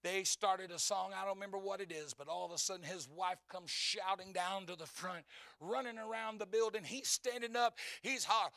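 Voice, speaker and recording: A man in his fifties preaches in church with a high, bright, ringing voice. He drops to a quiet storytelling murmur and then climbs to impassioned shouting. His voice is close and dry, with little room sound. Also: steady tone, brisk, no echo. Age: 50s. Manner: swings from hushed storytelling to fervent shouting. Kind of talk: sermon.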